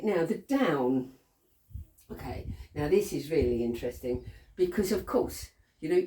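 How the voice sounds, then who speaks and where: A woman's voice: low-pitched, warm tone, slight background noise. A woman dog trainer, casually demonstrating training steps, chatty, laughing often and saying "okay" a lot. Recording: roomy sound from a distant camera mic.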